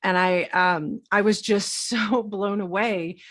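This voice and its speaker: A woman hosting a conversational podcast interview, supportive and quick with affirming replies. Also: mid-range voice, fairly even intonation, fairly bright tone. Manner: supportive, with frequent affirming backchannels. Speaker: podcast host.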